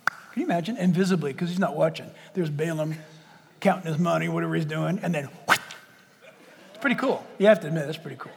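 Male pastor, sermon, animated, laughing, high voice, long hall reverb. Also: fast talker, vocal fry. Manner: animated, acts out scenes, laughs often.

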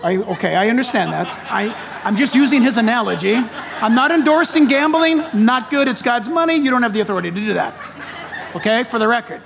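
A pastor preaching a sermon, animated, with joking asides and acted-out quotes. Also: male voice, extremely high pitch, a little fast, gravelly, a little hiss or hum. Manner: animated, jokey asides, acts out quoted voices.

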